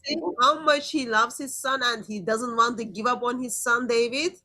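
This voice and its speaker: Bright, animated female co-host. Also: on the high side, normal speed. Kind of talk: casual reaction commentary.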